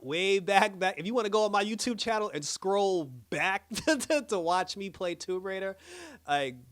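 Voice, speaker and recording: A young man giving a casual, animated review on his own channel, laughing often and restarting his sentences. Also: on the high side. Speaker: YouTube reviewer.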